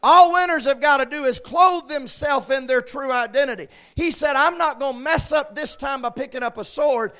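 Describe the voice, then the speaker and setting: A man preaching a sermon, swinging between shouted peaks and quiet asides. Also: very high-pitched, normal speed, few pauses.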